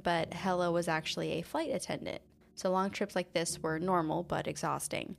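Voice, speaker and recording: Woman podcast cohost, kinda low voice with some vocal fry, laid back, reads case stuff. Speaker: podcast co-host. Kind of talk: casual chat and true-crime narration.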